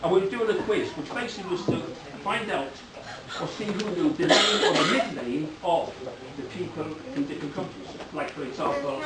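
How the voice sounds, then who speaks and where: A middle-aged man giving a rambling, joke-filled father-of-the-bride speech at a wedding reception, breaking into loud bursts of praise. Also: sits high, lively intonation, a little fast. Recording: echoey hall, from far off, loud background noise.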